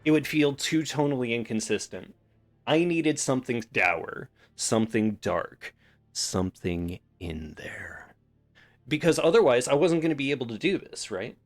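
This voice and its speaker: Excitable streamer man, wildly animated pitch. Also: normal speed. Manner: swearing, excitable, swings from loud outbursts to low mutters. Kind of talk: reaction stream. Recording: faint background music.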